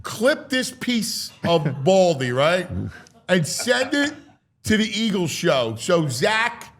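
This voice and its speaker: A man hosting a sports talk show, gushing and loud with excitement. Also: high voice, slow.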